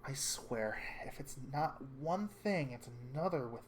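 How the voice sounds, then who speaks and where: A man's voice: a little high, animated, measured pace, slight background noise, pitched above the performer's own voice. A man voicing a blunt young woman student who scolds with exasperation, in a raised voice. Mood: exasperated.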